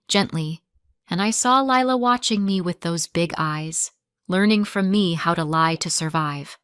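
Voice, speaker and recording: A woman narrates a first-person drama in an earnest, quietly tense voice. Her tone is low and smooth. The recording is close and completely dry. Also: dry recording.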